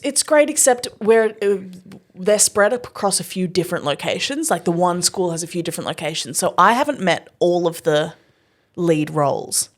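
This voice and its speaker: A young adult woman, co-hosting a podcast and telling a story in casual chat, animated and swearing freely. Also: fairly low pitch. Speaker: podcast co-host.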